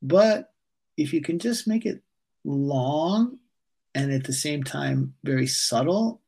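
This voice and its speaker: A man, a yoga teacher in an interview, leads a breathing exercise in a calm, halting way, using lots of fillers. His voice sits in the middle range and sounds creaky and a bit rough.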